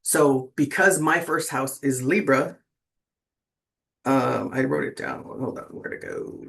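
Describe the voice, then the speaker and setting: A sixty-something tarot host chatting casually to viewers at a middling pitch. The talk rambles, with lots of fillers and restarts. The host keeps checking in with a quick "right?". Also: gravelly, a bit bright. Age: 60s.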